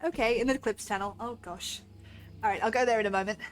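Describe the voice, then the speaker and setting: A woman's voice: a little high, fast talker. A woman streamer chatting casually to her viewers while playing, laughing often and poking fun at herself. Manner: self-deprecating, laughs often, talks to chat. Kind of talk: casual gameplay commentary.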